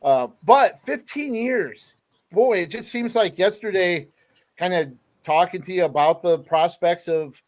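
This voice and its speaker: A man's voice: sits high, unhurried, darkish tone. A man hosting a sports podcast, telling stories in a chatty way with lots of fillers. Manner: chatty storyteller with many fillers. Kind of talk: casual podcast interview.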